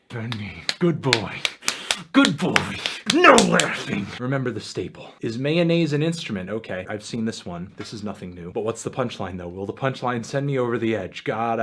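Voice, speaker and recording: A man doing a jokey try-not-to-laugh challenge commentary, excitable, breaking into yelps and shouted laughs. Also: medium pitch, very noisy. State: in pain from a self-inflicted penalty. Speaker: YouTuber.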